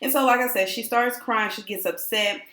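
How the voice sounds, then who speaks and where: A woman's voice: on the high side, moderate pace, fairly bright tone. Chatty woman reviewing reality TV, roomy sound. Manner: chatty, opinionated, jumps into quoted voices. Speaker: reality TV recap host. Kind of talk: casual recap vlog. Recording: roomy echo.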